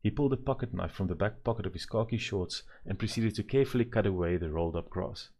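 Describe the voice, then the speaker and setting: A man narrating a children's story in a measured, gently expressive way. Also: fairly low pitch.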